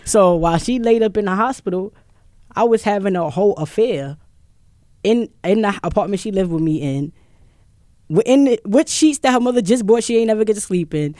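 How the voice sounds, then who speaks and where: A woman's voice: medium pitch, fairly quick, dark tone, no room sound, clean studio sound. A woman hosting a casual podcast, talking loosely with profanity and laughs. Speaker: podcast host. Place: studio round table.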